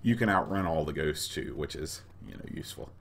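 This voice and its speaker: A hoarse, raspy middle-aged man co-hosting a podcast, rambling casually as he plays a retro game. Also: rumbling low, expressive, brisk, slight background noise. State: hoarse, coughing. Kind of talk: casual gameplay chat.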